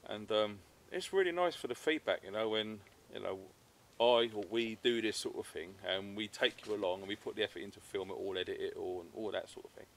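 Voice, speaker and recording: Relaxing in a woodland hammock, the British host of an outdoors channel laughs and talks casually to the camera. He speaks briskly in a lowish, fairly bright voice with few pauses, over a slight hiss or hum.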